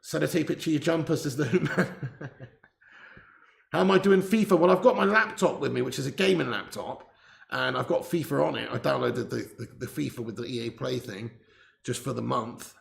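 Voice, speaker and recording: A man with a creaky, mid-range voice speaks at normal speed while hosting a live football watch-along stream. Chatting casually, he laughs often and reads out messages from viewers. He's recorded indoors through a faraway laptop mic with gain turned up, and the room echoes.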